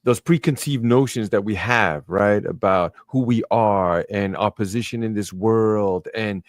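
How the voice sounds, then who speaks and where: A man from New York with a Brooklyn accent, hosting a podcast interview and telling stories in a lively, casual way, often tagging on "man" and "right?". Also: fairly low pitch, dry recording, studio quality. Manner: animated storyteller, peppers talk with "man" and "right?". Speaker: podcast host.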